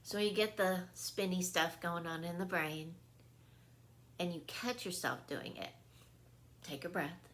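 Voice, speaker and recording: A woman's voice: fairly low pitch, a little slow, pauses often, fairly bright tone, a little hiss or hum. A woman speaking as a wellness coach in an earnest, casual spiritual talk, often checking in with her listeners and laughing easily. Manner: earnest, repetitive, checks in with "right?".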